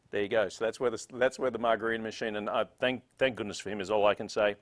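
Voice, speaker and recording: A man's voice: fairly low pitch, steady tone, fast, hardly any pauses. An Australian man emceeing a gala with playful, jokey showman banter.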